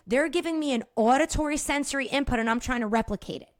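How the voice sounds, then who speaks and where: Lively, fast-talking woman podcast host. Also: sits high, no echo, studio quality. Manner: energetic, swears casually, laughs at herself. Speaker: podcast host and movement therapist. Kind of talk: casual explanatory monologue.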